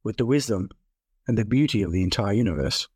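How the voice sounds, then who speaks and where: A man voicing a gentle, compassionate God while telling a parable, speaking calmly and patiently. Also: on the low side, fast, husky, no echo, studio quality. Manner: calm, patient, softly spoken.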